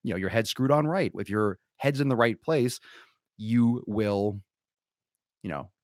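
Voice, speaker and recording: A man hosting a live fitness podcast, loud, crude and hyped like a showman. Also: fairly low pitch, unhurried, no room sound, clean studio sound. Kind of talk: live-streamed casual podcast.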